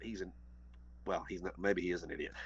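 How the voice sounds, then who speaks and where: A man's voice: sits low, fairly even intonation, brisk, slightly rough. Man, Southern US accent, podcast guest, rambling storytelling, dull lo-fi sound. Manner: rambling, trails off and restarts. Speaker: podcast guest, former wrestler. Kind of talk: casual storytelling chat. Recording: muffled lo-fi audio.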